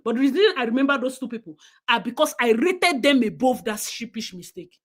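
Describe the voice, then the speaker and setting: Blunt Nigerian woman, slightly high voice. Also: lively intonation, a little fast. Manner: blunt, outspoken and emphatic. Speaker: livestream host. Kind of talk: casual livestream commentary.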